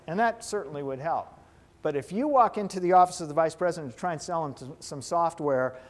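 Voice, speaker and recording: A man with a slightly higher than average voice lectures a class of students. His delivery is loose and conversational, and he often stops to ask the room whether they follow. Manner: conversational, asks the class questions. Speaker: hypnotherapy lecturer.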